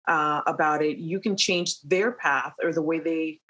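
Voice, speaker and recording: A woman airline captain, a podcast guest, telling a personal story in a relaxed conversational way with many fillers. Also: sits low, measured pace. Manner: animated retelling with frequent fillers and laughs.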